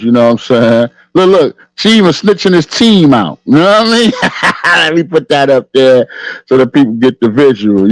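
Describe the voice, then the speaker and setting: Camera off at home, a middle-aged man runs a laid-back livestream podcast, reading chat and laughing a lot. Nearly every line ends with "you know what I mean." His fairly high voice has no echo, though the recording quality is rough.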